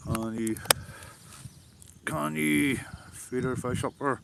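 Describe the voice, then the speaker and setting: A man's voice: mid-range voice, steady tone, moderate pace, vocal fry, long pauses, background noise. A man with a Northern Irish accent live-streaming outdoors while fishing, chatting casually, swearing often and answering his viewers' comments. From Northern Ireland.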